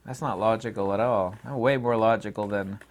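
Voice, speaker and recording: A man talking alone in a rambling philosophical monologue, sardonic and laughing at his own jokes, acting out mock dialogues and swinging from quiet mutters to loud exclamations. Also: on the low side, steady tone, a little fast. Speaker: channel host.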